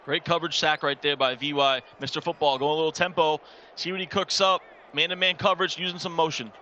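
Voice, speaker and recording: Give me a male esports analyst with a bright, fast delivery, breaking down plays for the viewers. The recording is a little dull. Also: a little high, steady tone, slight background noise. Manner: explanatory, coaching asides to viewers. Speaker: esports color commentator. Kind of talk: game analysis commentary.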